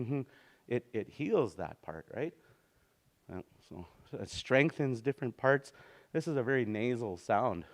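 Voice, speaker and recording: A man leads a small classroom language lesson in an easygoing, conversational way. He chuckles between points and draws out his words in a sing-song lilt. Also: medium pitch. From Canada. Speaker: language teacher. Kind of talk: casual classroom teaching.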